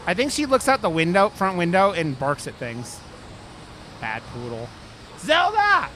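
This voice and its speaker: A man's voice: high-pitched, sing-song, brisk, fairly bright tone, a little hiss or hum. A man chatting casually on a live stream while he plays a video game, talking straight to his viewers by name. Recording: game music playing under the voice.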